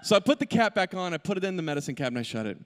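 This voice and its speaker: A middle-aged male pastor telling a funny personal story in an animated way, with asides to the congregation. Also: high voice, rapid-fire, clean tone. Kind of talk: sermon with humorous personal story. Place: large church auditorium. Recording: long hall reverb.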